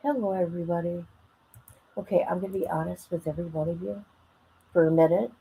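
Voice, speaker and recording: A woman's voice: lowish voice, steady tone, fast, creaky, mellow, a little hiss or hum, poor audio. A woman hosting a casual livestream from home on her phone, rambling and emotional as she talks to her chat. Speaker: livestream host.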